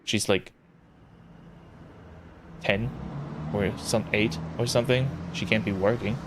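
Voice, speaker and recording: Man, casual game commentary, rambling, self-interrupting, low voice, noisy background. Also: steady tone, slow. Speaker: gameplay commentator. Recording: audible background noise.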